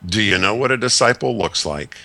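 A man in his sixties, a discipleship consultant, telling stories and giving advice in a measured, folksy way with many fillers. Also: on the low side, animated, creaky, pushed and bright, no echo. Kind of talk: radio talk segment.

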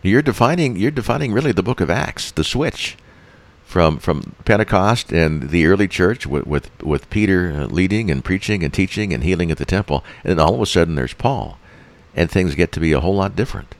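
A man with a very deep voice, recorded dry and close. He hosts an interview and restarts words as he works toward his questions. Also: animated, a little fast, no echo. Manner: repeats words while framing questions.

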